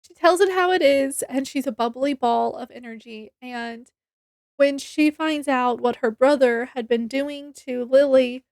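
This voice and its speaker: A woman's voice: high voice, measured pace, a little mellow, no echo, clean studio sound. A young woman reviewing a book in a casual chat, rambling and correcting herself, with frequent giggles.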